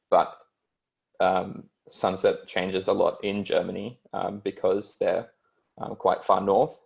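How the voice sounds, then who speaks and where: A man's voice: low-pitched, vocal fry. A young man tutoring an online beginners' German lesson, hesitant and full of ums as he explains.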